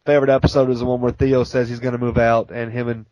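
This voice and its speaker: A man's voice: mid-range voice, flat delivery, fast talker, darkish tone, no room sound, muffled recording. A man co-hosting a podcast, chatting enthusiastically and laughing often as he talks. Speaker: podcast co-host. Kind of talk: casual podcast chat.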